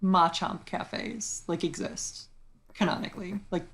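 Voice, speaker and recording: Young woman co-host, lowish voice, rambling casual talk full of restarts. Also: steady tone, measured pace, creaky, fairly bright tone. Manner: rambling, many fillers and restarts. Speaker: podcast co-host. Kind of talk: casual chat.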